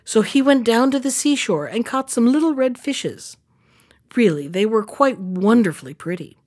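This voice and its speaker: A woman reading a fairy tale aloud in a steady, measured storytelling manner. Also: a little high. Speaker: narrator.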